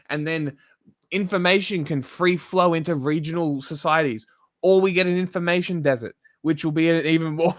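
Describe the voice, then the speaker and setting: Australian man, streamer, blunt profane rant, fairly high voice. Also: a bit bright, dry recording, clean studio sound. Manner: blunt, heavy swearing, exasperated. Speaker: streamer reacting to a video.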